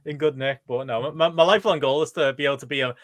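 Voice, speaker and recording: Quick-talking man co-host. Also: a little high, no echo. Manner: quick and chatty, reading listener questions. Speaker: podcast co-host. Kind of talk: casual podcast chat.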